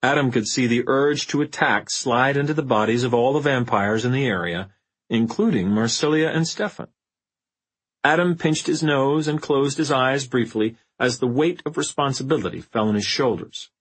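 Husky-voiced male audiobook narrator. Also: mid-range voice, low-quality recording. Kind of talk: scripted narration.

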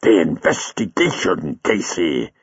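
A puffed-up theatre manager who swells with pride and drops to a hush when sharing a secret, as a male narrator puts him on. His delivery is lively in its pitch, and the dry recording sounds a little dull. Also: measured pace, husky, no room sound, heavily acted. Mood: conspiratorial. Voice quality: pompous, conspiratorial. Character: pompous, self-important middle-aged theatre manager.

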